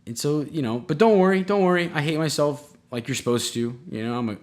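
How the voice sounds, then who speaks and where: A man hosting a comedy podcast, telling self-mocking stories in a rambling way, with sudden jumps in pitch. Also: brisk. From United States. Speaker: podcast host. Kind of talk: comedic solo monologue.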